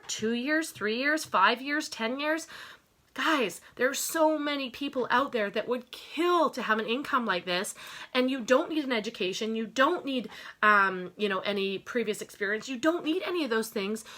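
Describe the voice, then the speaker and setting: A woman's voice: a little high, bright, forceful tone. A woman business owner giving an emphatic motivational talk, repeating phrases for effect and calling her listeners "you guys". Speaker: network marketing business owner.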